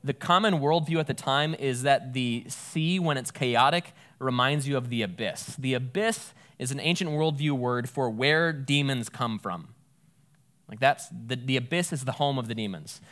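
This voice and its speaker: A man's voice: mid-range voice, moderate pace, a bit bright. A man giving a casual, conversational Bible teaching, thinking aloud and correcting himself as he goes.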